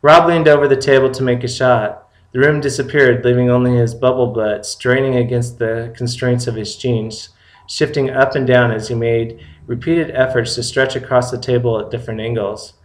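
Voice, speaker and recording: A man's voice: mid-range voice, little pitch movement, normal speed. Man reading a story in an echoey room. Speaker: story reader. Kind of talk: first-person story narration. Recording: roomy echo.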